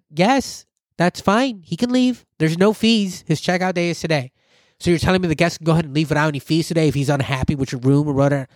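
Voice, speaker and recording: A man telling a story in casual chat, animated and profane, who acts out what others said. His voice sits a little high and sounds dry and close to the mic. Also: dry recording.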